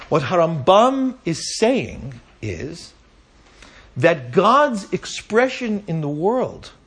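Man, slightly high-pitched, Torah class teacher, live lecture, conversational, frequent side remarks. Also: breathy edge.

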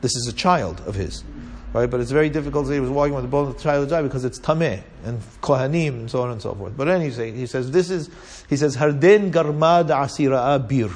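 A man's voice: mid-range voice, quick pace, hardly any pauses, darkish tone, husky. A man teaching a Talmud class, retelling a story with Hebrew and Aramaic terms and often checking in with "right?". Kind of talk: lively Torah class storytelling.

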